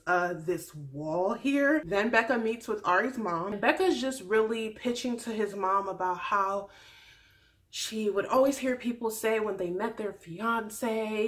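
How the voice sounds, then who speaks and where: A woman's voice: mid-range voice, pushed and bright. Blunt, chatty woman recapping TV. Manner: chatty, blunt and swearing, with slang asides. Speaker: YouTube recap host. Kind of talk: casual reality-TV recap commentary.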